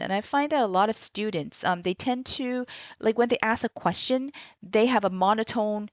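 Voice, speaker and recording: A woman's voice: mid-range voice, dry recording, studio quality. A woman ESL teacher walking through a kids' lesson plan in a chatty way, with many fillers and "right?" tags.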